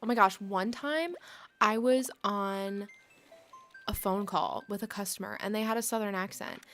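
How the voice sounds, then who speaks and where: A woman in her late twenties talks casually to her viewers while she plays a game. She rambles in loose, filler-heavy sentences at a middle pitch. Soft game music plays faintly underneath. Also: normal speed. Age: late 20s. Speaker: livestream host. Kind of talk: casual chat while gaming.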